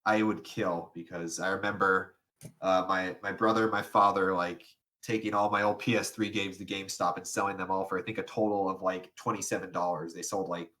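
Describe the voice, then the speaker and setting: A man's voice: low-pitched, steady tone, a little fast, sharp tone. A young man co-hosting a casual podcast, rambling and restarting, often laughing as he talks. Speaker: podcast co-host. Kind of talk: casual chat.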